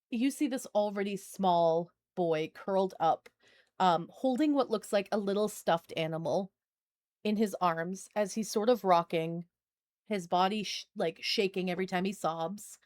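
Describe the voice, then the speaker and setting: A woman's voice: medium pitch, unhurried, darkish tone, no echo. A woman narrating a tabletop game as game master in a casual, rambling way, with many fillers.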